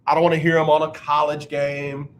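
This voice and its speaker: Man, sports radio host, slightly high voice, blunt opinionated rant, repeats himself. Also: completely flat delivery, brisk, slight background noise. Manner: mocks others with exaggerated announcer impressions. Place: radio studio.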